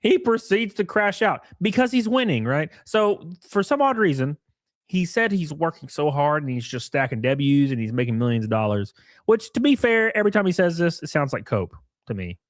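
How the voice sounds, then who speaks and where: A man reacting on his stream in loose, mocking commentary, cursing freely and laughing often. His voice sits a little high and swings widely up and down. The sound is dry and close, with no room in it. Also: very animated, normal speed, no room sound. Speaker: streamer host.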